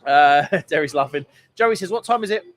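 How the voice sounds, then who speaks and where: A man's voice: a little high, lively intonation, moderate pace, low-quality recording. A man co-hosting a live stream from a pub, reading viewer comments aloud in a playful, jokey way. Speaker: quiz host and co-host. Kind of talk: casual live stream chat. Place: pub taproom.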